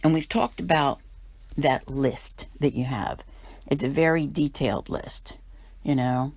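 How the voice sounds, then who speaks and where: A woman's voice: a bass voice, a little slow, a little mellow, no echo. Woman tarot reader, emphatic and chatty, dry close sound. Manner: emphatic, conversational, acts out worried inner voices. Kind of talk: weekly tarot reading.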